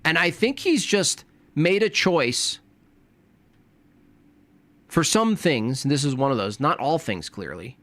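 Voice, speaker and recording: Sarcastic man reacting to a clip, lively pitch, dry sound. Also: no room sound. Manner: sarcastic, rambling asides. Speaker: streamer reacting to a video. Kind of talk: casual reaction commentary.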